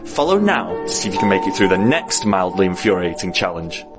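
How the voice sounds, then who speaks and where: A man's voice: low-pitched, very animated, a little fast, over music. A man hosting a playful challenge video, teasing the viewer. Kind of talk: upbeat challenge narration.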